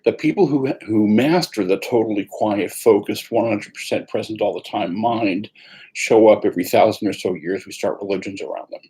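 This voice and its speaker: Male meditation teacher, low husky voice, unhurried guided-practice delivery. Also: low-quality recording. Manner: calm, unhurried, with pauses.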